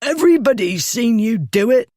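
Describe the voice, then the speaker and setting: A reader voicing a belligerent drunken man who bullies and hurls insults, in a rough voice pitched well above the reader's own. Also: very animated, moderate pace, a little mellow, dry recording, studio quality. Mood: choking defiance. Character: coarse drunken male dog owner, bullying.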